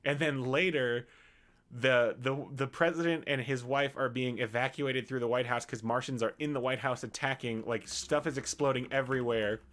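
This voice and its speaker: A man's voice: medium pitch, moderate pace. Laughing man recapping a movie. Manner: animated, laughs often while retelling scenes. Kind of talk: casual comedy podcast chat.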